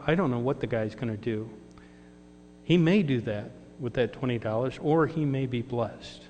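A man's voice: medium pitch, a little mellow. Man, sermon testimony, storytelling, reverberant hall, faint mains hum. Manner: storytelling, acts out quoted dialogue. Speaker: lay speaker giving testimony.

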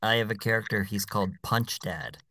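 A man's voice: fairly low pitch, steady tone, brisk, bright, forceful tone. A man in his fifties talking casually, telling stories in a dry, matter-of-fact way. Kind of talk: casual chat.

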